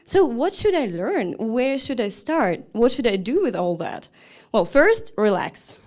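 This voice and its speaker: A woman's voice: a little high, a little slow. Woman teaching a lecture. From Russia. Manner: lively, asks questions and answers them, talks straight to listeners. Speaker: language teacher. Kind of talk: lecture talk.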